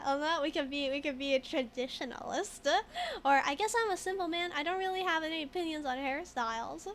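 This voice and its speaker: A woman's voice: high-pitched, a little fast, noisy background. A woman streaming a video game in a casual, chatty way, laughing often while she reads game text aloud and answers chat.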